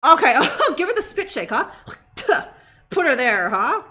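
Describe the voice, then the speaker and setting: A woman's voice: high voice, big pitch swings, a little slow, bright, forceful tone. A woman streaming a video game, joking sarcastically, laughing often, swearing, and ending lines with "huh?". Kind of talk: live gameplay commentary.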